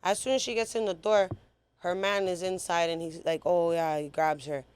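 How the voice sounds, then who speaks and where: A woman's voice: lowish voice, normal speed, clean tone. A woman guest recounting a personal story in a casual interview, talking bluntly with a lot of swearing. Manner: blunt, profane, animated retelling.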